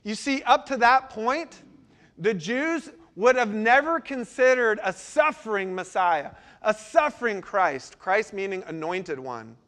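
A man pastor preaching a sermon, swinging between lively emphasis and quiet, intense passages. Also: high-pitched, unhurried. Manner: dynamic delivery, sudden drops to quiet intensity.

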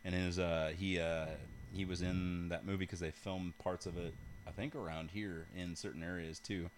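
A man's voice: sits low, flat delivery, moderate pace, slight background noise. A young man co-hosting a podcast in casual chat, talking hesitantly with fillers and trailing off, sometimes turned away from his desk mic while he types. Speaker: podcast co-host. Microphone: desk mic, not always facing it while typing.

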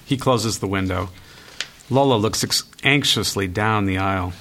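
A man with a somewhat low voice reads screenplay stage directions aloud. His delivery stays steady and even throughout. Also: moderate pace, a little hiss or hum.

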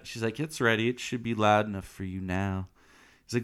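A man in casual chat, retelling a film with quick acted-out voices and frequent laughs. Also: on the low side, a bit bright, clean tone. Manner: acts out scenes in quick voices, laughs often. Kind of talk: casual movie recap chat.

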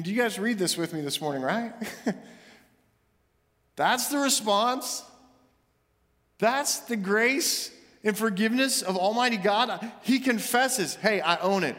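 A male pastor delivering a sermon, rising to emphatic questions and dropping soft and low for confession. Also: a little slow. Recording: long reverb of a large hall.

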